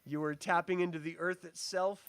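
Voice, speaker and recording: A man's voice: high voice, steady tone, fairly quick, background noise. A man running a tabletop game as game master, explaining rules and narrating the action.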